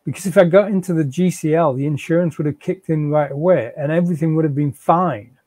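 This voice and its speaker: A man's voice: fairly high pitch, fast talker, dark tone, dry recording, lightly acted. A man in a live reading, voicing a defensive, pleading unemployed husband and father.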